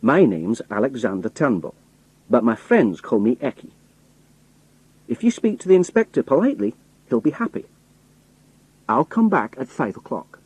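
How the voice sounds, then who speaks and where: A man's voice: mid-range voice, sing-song, moderate pace, pauses often, darkish tone, slightly rough, no echo, poor audio. A man reading as a friendly middle-aged roadman, cheerful and easygoing.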